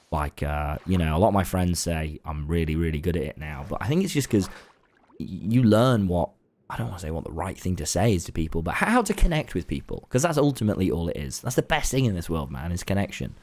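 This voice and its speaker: A young adult man with a low-pitched, darkish voice chats casually in a late-night vlog. The online content creator rambles in a laid-back way, swearing now and then.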